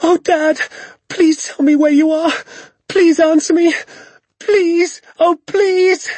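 Scared storybook boy, high strained pleading voice, husky, dry close sound as a male narrator puts him on. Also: animated, a little fast, dry recording. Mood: desperate. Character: frightened young boy calling for his father.

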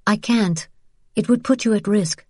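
A woman narrator voicing a determined young resistance courier who speaks quietly, firmly and guardedly. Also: mid-range voice, a little slow, slightly rough, dry recording, clean studio sound, pitched above the performer's own voice. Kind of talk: audiobook character voice.

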